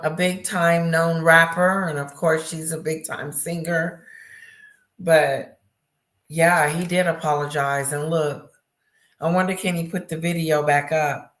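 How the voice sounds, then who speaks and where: A woman with a low, gravelly voice hosts a live chat stream, taking her time over each word. She reads viewer comments aloud and answers them, greeting regulars by name. The sound is roomy and echoey. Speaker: livestream host reading chat. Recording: echoey room.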